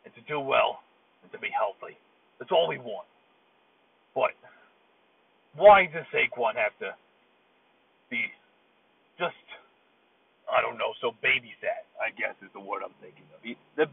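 A man's voice: mid-range voice, creaky, husky. A man from the Bronx, leaving an exasperated, swearing, rambling voicemail from his car in traffic over a tinny phone line. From Bronx, New York City. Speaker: voicemail caller. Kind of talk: ranting voicemail.

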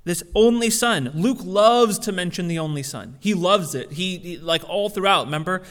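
A man with a high voice preaching a sermon, talking in a loose, animated way and often tripping over and restarting his words. His voice carries a long reverb tail, as in a large church hall. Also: moderate pace. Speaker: pastor.

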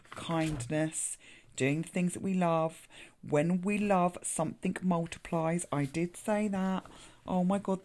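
Low-voiced chatty woman podcast host. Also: darkish tone. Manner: chatty, self-interrupting, laughs at own slips. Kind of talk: casual solo podcast with card reading.

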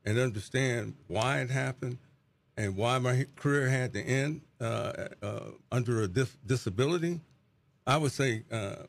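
Middle-aged man, pastor, gravelly voice, earnest, halting repeats, mid-pitched. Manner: earnest, repeats words as he searches for them. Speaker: pastor and interview guest. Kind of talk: reflective testimony.

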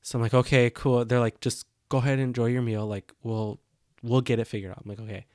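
A man's voice: mid-range voice, fast, dry recording, clean studio sound. A young man casually telling a story on a podcast, acting out what people said along the way. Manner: animated storytelling, acts out quotes. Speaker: podcast co-host. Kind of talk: casual chat.

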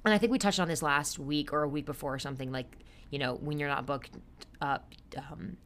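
Chatty young woman podcaster, lowish voice. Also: brisk, fairly bright tone, slight background noise. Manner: chatty and upbeat, loses her train of thought, self-deprecating. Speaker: podcast host and stage performer. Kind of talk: casual solo podcast monologue.

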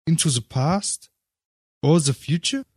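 A man's voice: on the high side, lively intonation, a little slow, a little mellow, husky, no echo, clean studio sound, pitched above the performer's own voice. A man voicing an earnest, idealistic seventeen-year-old boy who speaks politely and formally. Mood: eager.

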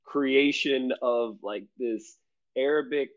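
A man's voice: mid-range voice, slow, muffled recording. Laid-back man telling a funny story. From Michigan. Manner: animated, laughing storyteller with casual slang. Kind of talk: casual storytelling chat.

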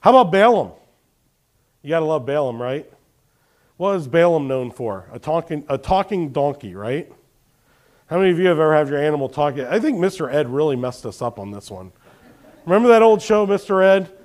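A man's voice: a little high, expressive, brisk, a little mellow. A man preaching a sermon, telling Bible stories with animation and questioning his congregation. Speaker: pastor.

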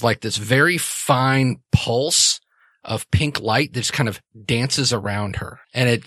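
A man's voice: medium pitch, a bit bright, no echo, studio quality. A man narrating as game master of a tabletop game, rambling with many restarts and fillers.

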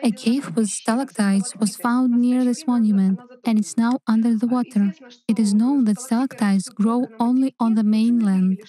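A woman giving a prepared presentation as a panel participant, steady and informative. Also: a little high, rough recording.

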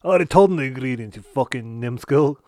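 Brief: a man playing a crude, bossy chef, cursing at everyone, mid-pitched voice with a wandering fake accent, dry close sound. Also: lively intonation, quick pace, a little mellow, no room sound, lightly acted. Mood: snappy. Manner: rude, swearing, shifting put-on accents. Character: foul-mouthed aggressive male cocktail chef.

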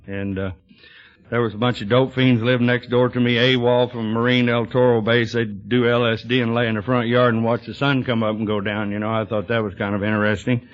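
A man's voice: medium pitch, little pitch movement, fairly quick. A man, telling humorous stories to a meeting audience in a dry, drawling way, often adding "you know.". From Texas. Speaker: recovery speaker. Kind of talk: storytelling talk to an audience. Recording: dull lo-fi 1980s tape recording.

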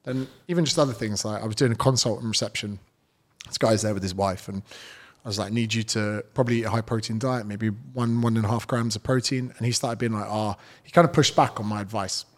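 A man's voice: fairly low pitch, brisk. A British man, a fitness trainer, telling stories as a guest in a casual podcast interview, blunt and swearing freely.

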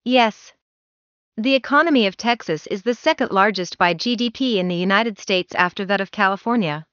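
A woman's voice: mid-range voice, normal speed, a bit bright, dry recording. Formal woman reporter from Canada, muffled audio. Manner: formal, wordy news delivery. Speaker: field reporter. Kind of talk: scripted news report.

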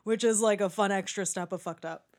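A woman's voice: mid-range voice, fairly quick, a little mellow. A woman in a casual movie discussion, chatty and swearing freely, laughing often and acting out quoted lines. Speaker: podcast co-host.

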